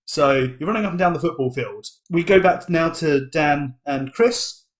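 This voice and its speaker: A man's voice: fairly high pitch, lively intonation, moderate pace. A British man running a comedic tabletop game as game master, narrating in a rambling, playful way. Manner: rambling, playful, full of "basically" and "like".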